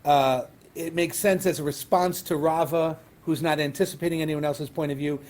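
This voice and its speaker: A man's voice: on the high side, fairly even intonation, moderate pace, a little mellow. A man, a rabbi, lecturing a Talmud class, explaining texts step by step, reading Hebrew and Aramaic terms and checking in with "right?".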